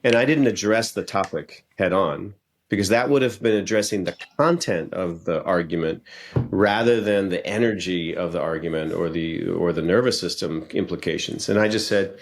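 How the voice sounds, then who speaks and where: Low male podcast guest, earnest coaching tone, casual and repetitive. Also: moderate pace. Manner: earnest, coaching men directly, frequent restarts.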